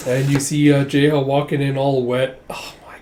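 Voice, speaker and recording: A man's voice: medium pitch, flat delivery, normal speed, a little mellow. A man casually reading a manga aloud with chatty commentary, laughing and swearing in his asides. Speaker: manga reviewer. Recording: roomy echo.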